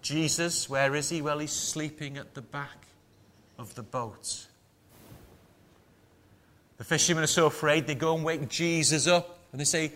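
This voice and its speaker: A man preaching a sermon to his small congregation in a measured, emphatic manner with rhetorical questions. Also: a little high, pushed and bright.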